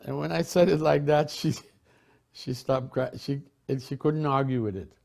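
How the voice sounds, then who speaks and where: An older man from a Caribbean island telling personal memories in a relaxed, chatty way, laughing often and restarting his sentences. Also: medium pitch, creaky. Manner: warm storytelling with frequent laughs and restarts. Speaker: devotee sharing memories. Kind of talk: casual reminiscence.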